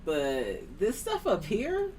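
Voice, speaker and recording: A woman's voice: lowish voice, huge pitch swings, slow, darkish tone, distant mic, slight background noise. A woman from Texas, a guest chatting casually and laid-back. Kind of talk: casual chat.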